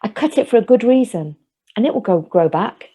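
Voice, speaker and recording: Woman voicing a gentle young lover. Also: a little high, expressive, fairly quick, breathy edge, voice pushed up. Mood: tender.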